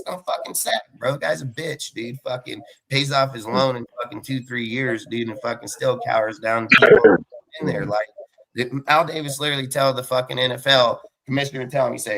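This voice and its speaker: A man's voice: mid-range voice, vocal fry, sharp tone, rough recording. A man ranting on a live sports fan podcast, heated and profane, tossing in "dude" and "like". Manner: fast and blunt, many fillers like "dude".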